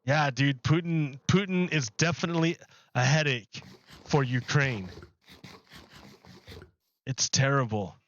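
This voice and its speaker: A man's voice: mid-range voice, takes it slowly, long pauses, muffled recording. Chatty man streaming a game. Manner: rambling, chatty, loose with filler. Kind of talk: casual live-stream chat. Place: home apartment.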